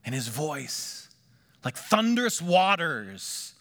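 Middle-aged guy preaching, fairly high voice, drops to a hush then lifts it bigger on the big points. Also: big pitch swings, slow pace. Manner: dynamic preaching, swinging between hushed asides and lifted, bigger emphatic lines. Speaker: pastor. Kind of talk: sermon.

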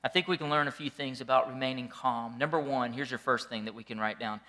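A middle-aged male pastor preaching a sermon, animated and joking as he tells stories to his congregation. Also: mid-range voice, fast talker. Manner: animated, jokey storytelling with the congregation.

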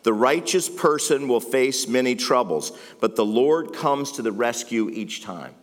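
A man's voice: mid-range voice, animated, a little slow, hardly any pauses. Man, middle-aged pastor, sermon, mid-range voice, self-deprecating, long hall reverb. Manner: conversational, self-deprecating, emphatic.

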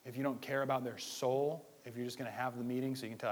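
A man preaching a sermon as pastor, talking conversationally and moving from quiet asides to loud pleading. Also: medium pitch, steady tone, quick pace.

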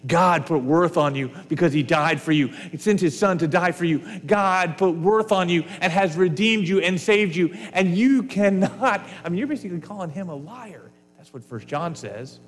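A man's voice: high-pitched, moderate pace, few pauses, in a large hall, slight background noise. A man preaching a sermon to his congregation, earnest and varied, sometimes falling to a near whisper. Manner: earnest, varies loudness, drops to a whisper at times. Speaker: pastor.

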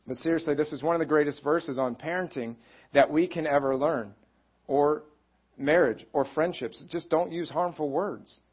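Husky-voiced man preaching a sermon. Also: fairly high pitch, normal speed, dull audio. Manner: conversational, self-deprecating humor. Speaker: pastor.

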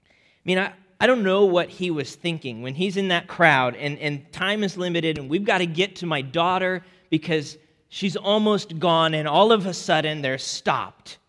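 A man preaching a sermon as a pastor, earnest and deliberate, sometimes restarting his words. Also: on the high side, fairly bright tone, long reverb tail.

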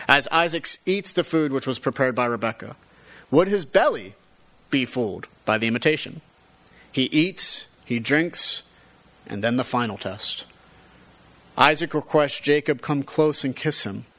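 This is scripture reading with commentary: after reading a Bible passage, a man explains each verse in turn in a teacherly way. His voice is mid-pitched and a little bright, and he lets the quoted speech rise and fall with emphasis.

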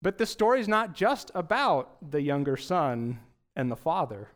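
A man's voice: fairly high pitch, very animated, measured pace. A young adult male pastor preaching a sermon in a conversational way, often asking rhetorical questions.

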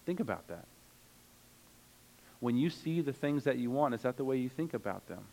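A man's voice: mid-range voice, lively intonation, normal speed, vocal fry, darkish tone, rough recording. A man preaching a sermon, earnest and conversational, reading scripture aloud and adding casual asides. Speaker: pastor.

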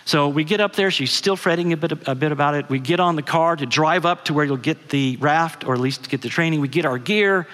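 Slightly high and a bit bright, the voice belongs to a middle-aged guest preacher who talks a little fast with few pauses. He shares a family story in a conversational style, asking his audience questions, while long reverb from the hall trails each word.

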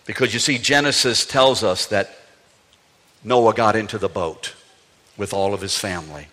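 An older man preaches a sermon, shifting between calm teaching and animated, playful asides. His voice is bright and ringing, carried by the long reverb of a large hall. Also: fairly low pitch, normal speed. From New Orleans. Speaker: pastor.

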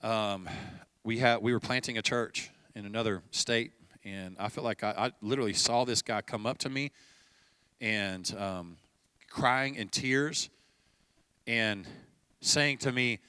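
Bright-voiced pastor preaching conversationally. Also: male voice, medium pitch, unhurried, smooth, no echo. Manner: conversational storytelling, acting out dialogue with light laughs. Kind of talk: sermon.

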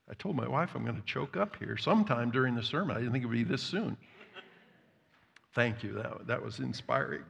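A man of middle pitch preaches as a pastor, earnest and halting, his voice lifting as he reads scripture aloud. His words ring on in a long church reverb. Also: expressive, gravelly, a bit bright, husky. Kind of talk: sermon with scripture reading. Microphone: worn microphone.

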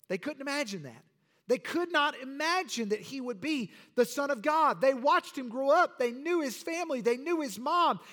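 A man's voice: extremely high pitch, a bit bright. A man preaching a sermon to his church with emphatic, rhetorical delivery. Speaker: pastor.

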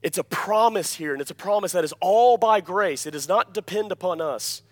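A pastor preaching a sermon, emphatic, often asking the congregation "Amen?" and dropping to quiet asides between louder points. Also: male voice, normal speed. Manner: emphatic, repeats key phrases, calls "Amen?" to the congregation; swings between loud emphasis and quiet, low-voiced asides.

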